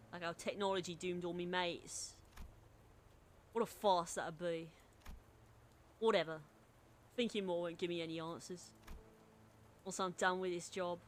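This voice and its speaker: A woman's voice: fairly low pitch, steady tone, moderate pace, pauses often, a little hiss or hum, natural voice. A woman reading a streamed game's dialogue as a brooding young man, weary and bitter.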